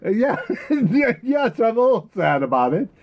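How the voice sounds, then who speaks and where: A man's voice: extremely high pitch, sing-song, normal speed. A man co-hosting a podcast in casual chat, giggling often and asking sheepish questions. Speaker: podcast co-host.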